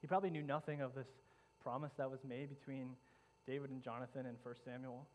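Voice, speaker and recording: A man's voice: medium pitch, steady tone, fast, slight background noise, poor audio. A male pastor preaching a sermon, retelling a story dramatically with frequent repeats and restarts.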